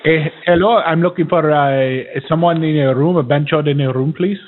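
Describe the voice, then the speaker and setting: A man putting on the voice of a confused caller who talks in broken, halting phrases over a tinny phone line. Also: a little high, a little hiss or hum, close to an everyday voice. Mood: pestering.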